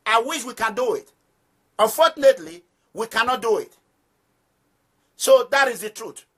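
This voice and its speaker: A man with a Nigerian accent speaks in a high, forceful voice with a tense edge. He delivers declamatory political commentary to his followers and hammers points home by repeating them. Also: lively intonation, moderate pace. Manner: declamatory, emphatic, repeats phrases for stress; preaching address to listeners. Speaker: activist movement leader. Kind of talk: direct-address political commentary.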